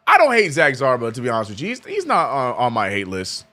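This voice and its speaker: A man hosting a casual live watch-along stream, reading viewer chat aloud and reacting with sudden high exclamations. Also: huge pitch swings, quick pace, sharp tone, faint music behind. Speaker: streamer host.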